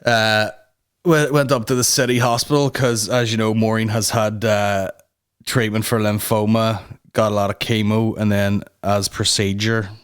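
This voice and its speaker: A man's voice: fairly low pitch, flat delivery, normal speed, clear, resonant tone. A man hosting a comedy podcast, rambling through a casual rant and swearing constantly.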